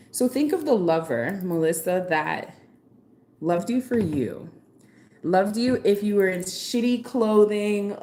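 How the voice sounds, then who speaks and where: A woman's voice: mid-range voice, slight background noise. A woman giving a chatty, slangy live-stream tarot reading, talking straight to one viewer with lots of "like" and "okay". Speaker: tarot reader.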